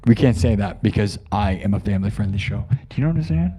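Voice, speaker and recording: A man hosting a live stream, rambling excitedly to his chat. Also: lowish voice, quick pace, hardly any pauses, noisy background.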